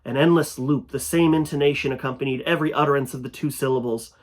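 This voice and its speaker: A man reading a first-person horror story aloud, his voice growing louder and tense in the frightening passages. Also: mid-range voice, steady tone, quick pace. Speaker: fiction reader.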